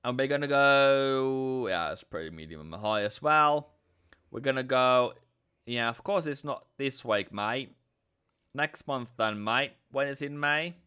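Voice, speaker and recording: A Norwegian man runs a relaxed live forex trading stream, joking and chatting with his viewers and throwing in goofy sound effects. His medium-pitched voice moves at a measured pace, sounding pushed, bright, and smooth.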